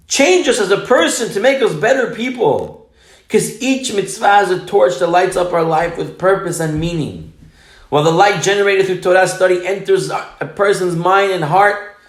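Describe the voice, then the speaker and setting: Man, rabbi, sermon, emphatic storytelling, roomy echo. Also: sits high. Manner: emphatic, uses Hebrew and Yiddish terms.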